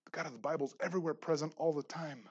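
A man preaching a sermon, animated and expressive, moving between loud emphasis and quiet asides, joking with the congregation. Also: fairly high pitch, rapid-fire, slightly rough, dull audio. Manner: jokes and laughs with the congregation. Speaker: pastor.

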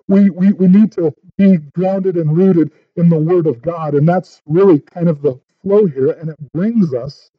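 A man's voice: sits high, no room sound, highs cut off. A male pastor preaching verse by verse in an earnest, thinking-aloud way, often repeating words as he goes. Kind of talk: verse-by-verse sermon.

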